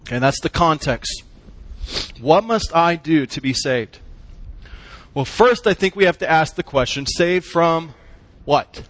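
Male preacher, sermon, slow deliberate delivery, slightly high voice, dry close sound, emphatic questions. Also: expressive, a bit bright, dry recording. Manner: emphatic, call-and-response questions, punchy short phrases. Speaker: pastor.

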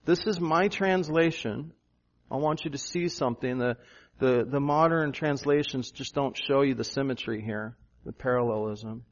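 A male pastor preaching a sermon, animated, jumping up in pitch for emphasis. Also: normal speed, lo-fi sound.

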